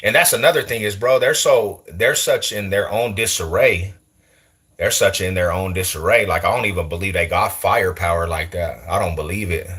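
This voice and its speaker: A man's voice: deep voice, moderate pace, a bit bright, husky. A man in his forties from East Side Denver with a local street accent, chatting casually on a livestream in heavy slang, repeating himself and laughing often. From East Side Denver, Colorado. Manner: slangy, repetitive, laughs a lot between remarks. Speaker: YouTuber. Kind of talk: casual livestream chat answering comments.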